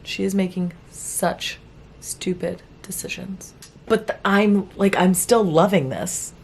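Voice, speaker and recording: A young woman vlogging about a book she is reading, talking to her viewers in a chatty, animated way and laughing often. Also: mid-range voice, slow, creaky, husky. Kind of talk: casual chat to camera.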